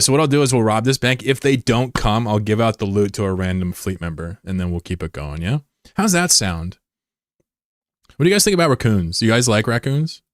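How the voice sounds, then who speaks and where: Animated, profane male game streamer. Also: no room sound, studio quality. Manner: profane, rambling, jumps to high-pitched shouting when excited. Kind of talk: casual live-stream chat over gameplay.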